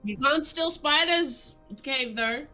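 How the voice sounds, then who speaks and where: A woman's voice: sits high, slow, pushed and bright, faint music behind. A woman playing a tabletop game, teasing and swearing casually with the group. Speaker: player.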